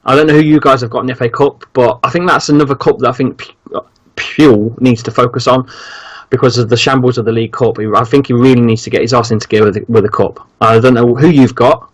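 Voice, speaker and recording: A man's voice: mid-range voice, fairly even intonation, fast. Rambling man hosting a football podcast. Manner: rambling, hesitant, with ums and restarts. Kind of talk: casual chat.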